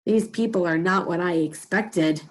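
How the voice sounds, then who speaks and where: A woman doing an awed male batter, slow and wondering. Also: on the low side, lightly acted. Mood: amazed. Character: amazed male ballplayer, a batter.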